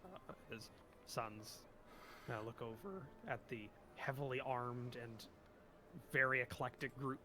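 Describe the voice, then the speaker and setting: A man running a tabletop game as game master, halting and laughing as he narrates. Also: medium pitch, noisy background. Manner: halting, full of fillers and laughs.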